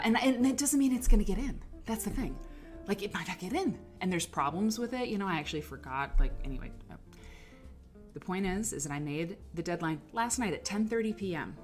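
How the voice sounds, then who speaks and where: Chatty, rambling woman livestream host. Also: lowish voice. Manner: rambling, chatty, full of "like" and laughter. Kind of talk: casual chat.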